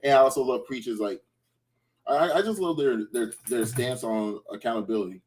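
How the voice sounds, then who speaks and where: Man, podcast co-host, medium-pitched voice, blunt, joking casual talk. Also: normal speed, a little mellow, poor audio.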